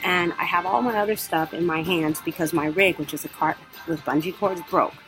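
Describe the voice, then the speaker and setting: A woman's voice: fairly low pitch, brisk, faint music behind, poor audio. A young woman vlogger telling a travel story in a casual way, acting out her own panic. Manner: animated, acts out her own panic in quotes.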